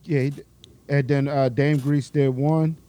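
A man's voice: medium pitch, flat delivery, measured pace, mellow. A man co-hosting a casual podcast who runs through details and track lists. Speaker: podcast co-host. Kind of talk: casual chat.

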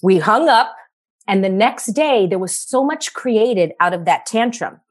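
A woman guest in a casual podcast conversation, animated and acting out the voices she quotes. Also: medium pitch, measured pace.

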